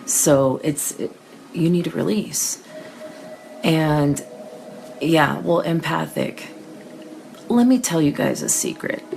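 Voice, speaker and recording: A woman with a low, creaky voice hosts a live psychic reading session, speaking casually and emotionally to her viewers. She's tearful, laughs softly, and restarts her sentences, with background noise present.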